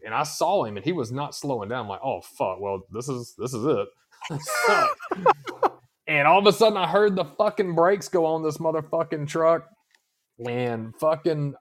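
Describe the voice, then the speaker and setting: A man co-hosting a casual podcast, telling stories with plenty of cursing. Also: on the high side. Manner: profane, animated storytelling. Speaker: co-host.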